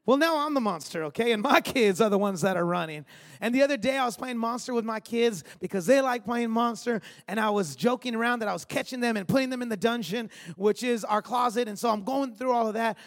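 A man's voice: very high voice, fast. A man in his thirties, a pastor giving a conversational sermon with storytelling and emphatic asides. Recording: long reverb of a large hall.

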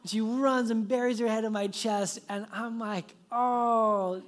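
A man preaching a sermon, telling a story in a lively way that sinks into soft, hushed passages. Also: sits high, normal speed. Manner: animated storytelling, dropping to soft hushed tones. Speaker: pastor.

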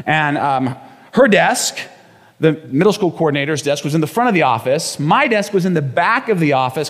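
A man preaching a sermon as a pastor, telling a personal story with animated delivery and acted-out quotes. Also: a little high, long reverb tail.

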